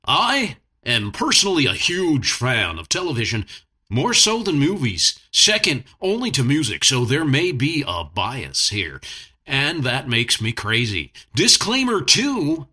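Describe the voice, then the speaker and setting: A man voicing a male TV announcer with slow, emphatic delivery. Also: mid-range voice, wildly swooping pitch, bright, forceful tone, husky, exaggerated voice. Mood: announcing.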